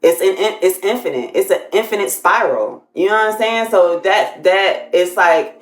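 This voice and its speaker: A woman's voice: lowish voice, expressive, moderate pace, echoey room. A woman co-hosting a casual live stream, musing in loose, rambling thoughts. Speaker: livestream co-host.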